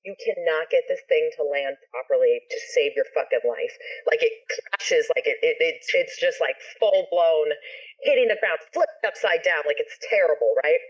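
A woman's voice: deep voice, moderate pace, husky. A woman guest on a video call, telling a story in casual chat, swearing freely and acting out what people said. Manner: animated, swears freely, acts out quotes. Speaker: guest, ska musician and actor. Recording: dull lo-fi video call audio.

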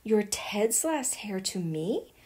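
A woman's voice: mid-range voice, very animated, slow, a little mellow, breathy edge, exaggerated voice. A woman reading aloud and voicing a small, lonely young witch girl in a wistful, sighing storybook voice.

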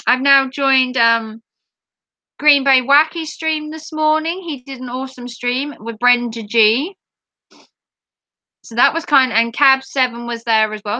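A woman's voice: fairly high pitch, pushed and bright, dry recording, highs cut off. A woman from England with a Norfolk accent, chatting casually on a livestream and answering her chat aloud. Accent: Norfolk English.

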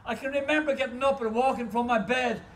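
A man's voice: very high-pitched, fairly even intonation, fast talker, far from the mic, slight background noise, low-quality recording. A man preaching an impassioned sermon as a guest speaker, telling stories at an outdoor car park service.

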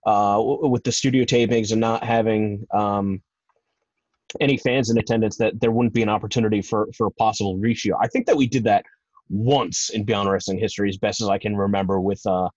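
A man's voice: on the low side, steady tone, a little fast, a little mellow, no echo. A man hosting a podcast interview, asking questions and thinking aloud in a rambling way. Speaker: podcast host and wrestling promoter. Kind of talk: casual interview. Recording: dull, dry lo-fi sound.

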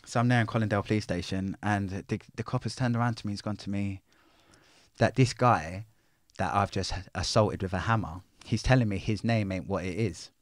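A man's voice: fairly low pitch, fairly even intonation, a little fast, no room sound, studio quality. A middle-aged man, telling his life story bluntly in an interview, full of swearing and street slang. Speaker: interview guest.

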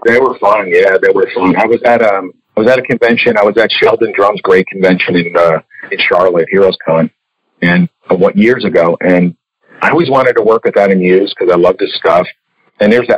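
In a low, brisk voice with a breathy edge, the older man, once an editor and now known as a comics artist, speaks on a dry, dull lo-fi recording. The casual interview finds him candid, profane, and telling stories.

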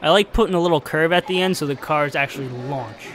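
A man's voice: fairly high pitch, quick pace, background noise. A man streaming a park-building game, giving casual play-by-play that swings from chatty narration to exasperated outbursts. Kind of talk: casual gameplay commentary.

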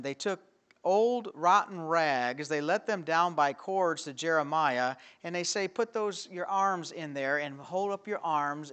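Male pastor with a bright, somewhat high voice, preaching animatedly in a church and moving between loud and hushed. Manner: animated preaching with rhetorical questions, swinging from loud to quiet. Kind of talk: evening sermon. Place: church sanctuary.

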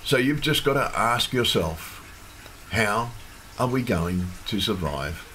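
An Australian man delivers a heated, swearing rant at home. His voice sits low, and a faint fish tank hum runs underneath. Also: lively intonation, takes it slowly, sharp tone. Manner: angry, ranting, swears. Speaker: protester.

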